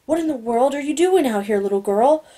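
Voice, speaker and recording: A woman's voice: high-pitched, expressive, fairly quick, pitched above the performer's own voice. A woman voicing baffled male night guards. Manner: gruff, alarmed, loud calls. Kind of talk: audiobook character voice.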